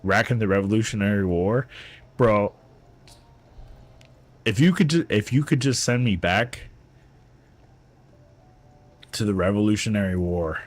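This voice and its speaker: A male gaming streamer with a somewhat low voice, chatting loosely as he plays. He rambles from one joke to the next, swearing freely in a relaxed, offhand way. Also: takes it slowly, pauses often. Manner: rambling, profane, joking. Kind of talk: casual chat while playing.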